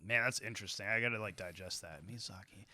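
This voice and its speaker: A man's voice: lowish voice, quick pace, sharp tone, no echo. A man co-hosting a casual podcast, blunt and joking, with a bit of swearing. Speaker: podcast co-host.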